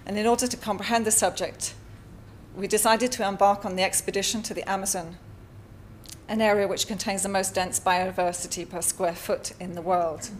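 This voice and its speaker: A woman presents her art practice at a symposium in a mid-pitched voice, measured and careful, often pausing with fillers. A faint low rumble sits under the recording. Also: steady tone. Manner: measured, with frequent fillers and pauses. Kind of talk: conference talk. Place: lecture hall.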